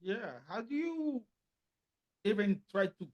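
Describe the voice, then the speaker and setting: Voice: medium pitch, sing-song, slow pace, lo-fi sound. An interviewer reacting emphatically and asking questions, sounding appalled.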